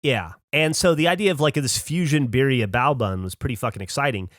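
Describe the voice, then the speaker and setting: A man's voice: mid-range voice, brisk, fairly bright tone, no echo, studio quality. A man on a podcast casually telling a long anecdote, acting out the people he quotes in a raised voice. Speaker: podcast host. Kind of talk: casual storytelling chat.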